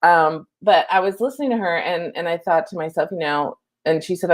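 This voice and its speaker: Low-voiced chatty woman in her forties. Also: sing-song, quick pace. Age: 40s. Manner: chatty, greets viewers by name. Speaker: live stream host. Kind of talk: casual live stream chat.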